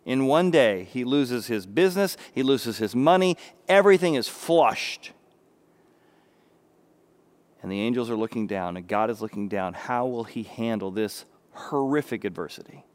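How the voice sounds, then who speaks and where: A man's voice: medium pitch, animated, normal speed. Emphatic male preacher asking rhetorical questions. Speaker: pastor. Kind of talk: sermon.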